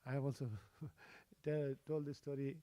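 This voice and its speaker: A man giving a storytelling sermon at a temple, conversational, with frequent fillers, soft chuckles and questions put to the audience. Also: mid-range voice, little pitch movement, moderate pace. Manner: conversational, many "you know" fillers, chuckles, quizzes the audience. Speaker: speaker at a temple.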